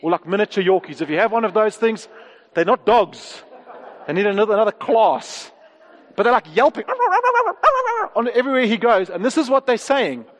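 A man preaching a sermon as pastor, emphatic and repeating words, rising in pitch for stress. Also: expressive, fairly quick, in a large hall.

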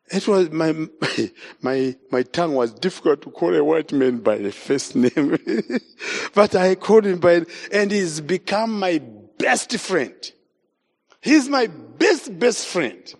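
A high-pitched man preaches at a slow, deliberate pace and weaves his own story into the sermon. He repeats his key phrases and throws questions out to the congregation. His voice carries a long reverb, as if he is speaking in a big hall. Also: very animated, creaky. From Zimbabwe. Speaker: evangelist preacher.

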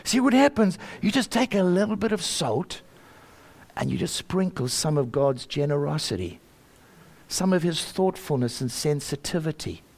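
Speaking at a normal pace in a slightly high voice, an older man with a South African accent shares a personal story of faith. He's earnest and lively, repeats words often, and chuckles along the way.

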